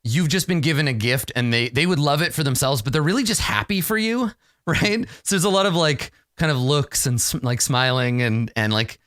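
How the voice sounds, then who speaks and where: A man narrating a tabletop game as game master, animated and giggly in his storytelling. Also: medium pitch, normal speed, clean tone, no echo, clean studio sound.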